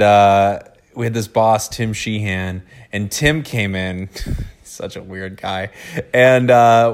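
A young man hosting a podcast, chatting casually and telling jokey stories with playful put-on voices. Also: lowish voice. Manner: jokey storyteller, slips into silly voices. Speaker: podcast host. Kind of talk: casual chat.

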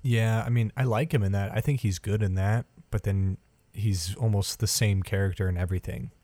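A man talks through a movie with a friend in an easy, opinionated way, tossing off dry jokes. His voice sits a little low, and the sound is close and dry with no room echo. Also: normal speed. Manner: relaxed, opinionated, dry joking. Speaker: podcast co-host. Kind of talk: casual movie watch-along chat.

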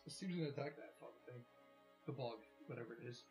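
A man's voice: medium pitch, fast, darkish tone, soft background music. A man playing a tabletop game, goofy and self-mocking as he talks. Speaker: player. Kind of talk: casual chat at a tabletop game.

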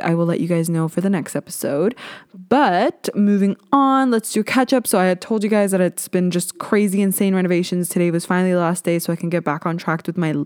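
A woman's voice: mid-range voice, a little mellow, clean tone, dry recording, clean studio sound. Chatty, self-mocking young woman podcaster. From Ontario, Canada. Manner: chatty, candid and self-mocking, with casual swearing. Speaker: podcast host. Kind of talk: casual solo podcast chat.

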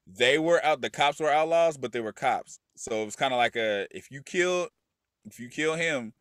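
A man's voice: mid-range voice, expressive, normal speed, fairly bright tone, clear, resonant tone, no echo, clean studio sound. A man co-hosting a casual movie review podcast, talking loosely with lots of swearing and hedges. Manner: loose, profane, hedging with repeats. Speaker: podcast co-host.

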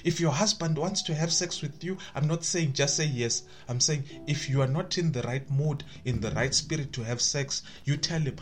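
A man's voice: medium pitch, normal speed, few pauses, slight background noise. A man preaching a sermon, emphatic and repetitive, building to rising calls. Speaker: pastor.

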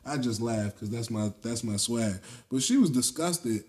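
A man in a casual chat, telling stories in an animated, rambling way with many restarts. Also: mid-range voice, normal speed.

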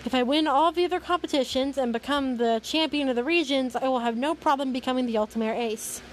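A woman's voice: sits high, quick pace, a little hiss or hum, close to an everyday voice, rough recording. A woman reading an earnest young man. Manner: read aloud plainly, with stumbles. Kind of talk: reading fan fiction aloud.

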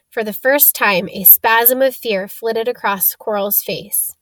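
A woman narrating a story for an audiobook in a steady, clear manner. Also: a little high, slow pace, few pauses, no echo. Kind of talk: scripted narration.

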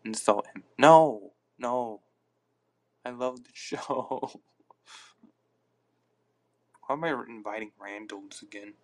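A man's voice: on the low side, slow pace, pauses often. A man hosting a casual live podcast on his phone, rambling and reacting aloud to listener comments. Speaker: podcast host.

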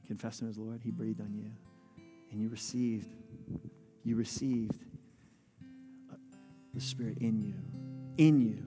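A man preaching a sermon, reading scripture aloud and putting questions to his listeners. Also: lowish voice. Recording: long hall reverb with faint music.

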